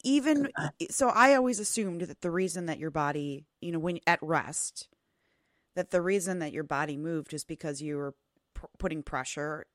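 Woman, interview host, thoughtful questions, halting delivery, low pitch, dry recording. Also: animated, dry recording. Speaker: podcast host. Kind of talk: conversational interview.

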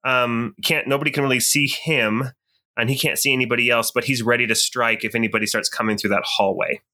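Bright-voiced male player. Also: medium pitch, fairly even intonation. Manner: deliberate, describes actions with many ums. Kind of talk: casual tabletop game play.

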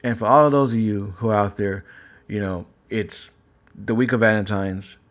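A man's voice: lowish voice, steady tone, moderate pace. Married guy hosting his own podcast, earnest kinda preachy chat, keeps repeating himself. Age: adult, married. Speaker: podcast host. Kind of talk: casual faith-based talk.

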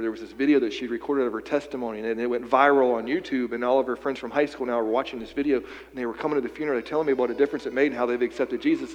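A man's voice: medium pitch, big-room sound, poor audio. A man preaching a sermon from western Pennsylvania, telling a personal story in a conversational way and often repeating his words as he goes. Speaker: pastor.

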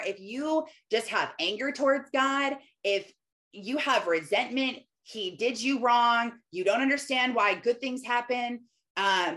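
A woman's voice: on the high side, a bit bright. Earnest woman in a heartfelt faith talk. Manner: earnest, conversational, acts out little quoted voices. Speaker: Christian business owner sharing faith. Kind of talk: personal faith talk to followers.

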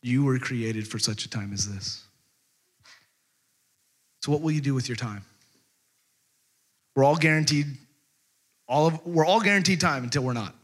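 A man preaching a sermon, retelling a story in a lively, conversational way with casual fillers. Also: medium pitch, moderate pace, long pauses.

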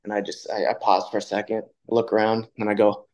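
A man's voice: on the low side, monotone, brisk, rough recording. A man, a retired bull rider, guesting on a podcast and telling stories in a laid-back way, often laughing. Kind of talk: casual storytelling.

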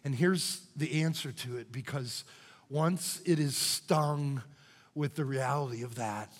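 An older man preaching a sermon as pastor, moving from loud cries to hushed whispers. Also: mid-range voice, a little slow. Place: church sanctuary. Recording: church hall reverb.

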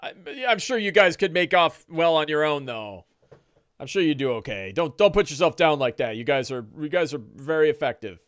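A man's voice: fairly high pitch, expressive, a little fast, a bit bright, lo-fi sound. A man voicing a jittery, talkative male companion who rambles nervously and dodges questions. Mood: flustered. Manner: nervous, rambling chatter with a raised voice. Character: jittery talkative adult man, eager and evasive.

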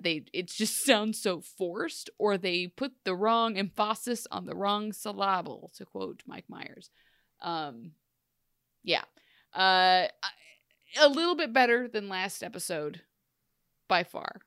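A woman's voice: medium pitch, measured pace, fairly bright tone, clear, resonant tone, no room sound, clean studio sound. A woman co-hosting a casual TV recap podcast, enthusiastic and opinionated, often laughing. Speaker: podcast co-host.

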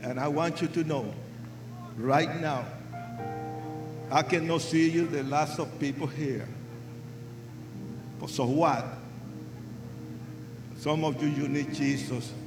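An older man preaching a testimony sermon with English, impassioned and shouting at the peaks. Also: on the high side, fairly even intonation, slow, long pauses, over music. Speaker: evangelist. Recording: roomy hall sound.

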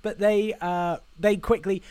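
Male podcast co-host, high-pitched and close-miked, animated film recapper. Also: measured pace, clear, resonant tone, dry recording. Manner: animated retelling, acts out film lines. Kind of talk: casual film recap chat.

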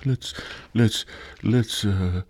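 A man's voice: on the low side, extremely slow, a little mellow, no echo, heavily acted. A man putting on the voice of a nervous French official who stammers and backs down. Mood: blustering.

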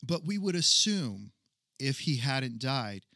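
Male co-host, mid pitch, thoughtful and measured, dry close mic. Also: very animated, bright, forceful tone, no echo. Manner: measured, reasoning aloud with many restarts. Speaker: podcast co-host. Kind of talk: casual chat.

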